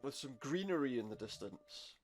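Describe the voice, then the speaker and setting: A man's voice: mid-range voice, lively intonation, normal speed, a little mellow. A man commenting casually on a retro game he plays, with wry jokes and muttered asides. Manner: wry, jokey asides, muttered under breath. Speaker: gameplay commentator. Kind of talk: casual let's-play commentary. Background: game music.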